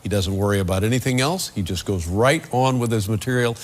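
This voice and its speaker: A man hosting a talk show, asking his guest questions in a measured way. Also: fairly low pitch. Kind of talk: interview questions.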